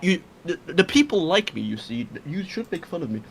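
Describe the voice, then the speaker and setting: A man's voice: on the high side, big pitch swings, brisk. A man co-hosting a livestream, bantering casually and swearing in sudden outbursts. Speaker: stream co-host.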